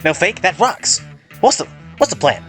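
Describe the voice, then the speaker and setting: A man's voice: high-pitched, very animated, normal speed, fairly bright tone, faint music behind, pitched above the performer's own voice. A man voicing a breezy slangy male troll. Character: laid-back chummy male troll on a call. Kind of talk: fan comic read-aloud.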